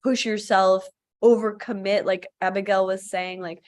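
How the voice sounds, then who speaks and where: A woman's voice: mid-range voice, steady tone, normal speed, darkish tone. Chatty woman yoga teacher hosting live. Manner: chatty, with frequent filler "like". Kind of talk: casual live-stream chat.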